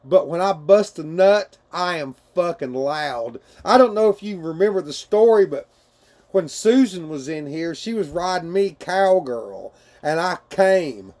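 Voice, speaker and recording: A man with a fairly high voice streams from his bedroom, answering chat in an unhurried drawl. His talk is crude and loose, full of laughter and "man" and "dude." He sounds like a relaxed home streamer hanging out with viewers.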